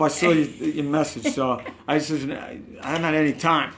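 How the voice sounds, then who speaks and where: A man's voice: on the high side, fairly even intonation, normal speed, a bit bright, slight background noise. A man with a New York accent tells rambling backstage stories in a casual interview, acting out quotes and swearing now and then. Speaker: musician guest. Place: hotel room.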